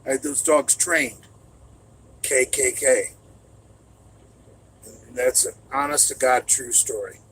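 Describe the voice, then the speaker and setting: A middle-aged man, a trucker, in casual storytelling chat, loud and profane and given to sudden shouts, talking from inside his truck cab. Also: mid-range voice, takes it slowly, long pauses, slight background noise, poor audio. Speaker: streamer answering chat.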